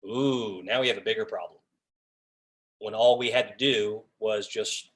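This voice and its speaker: A man raised by Long Islanders, working as an officiating instructor, runs a training session for officials over a video call. He talks casually at a moderate pace in a fairly low voice, animatedly acting out lines from officials and coaches.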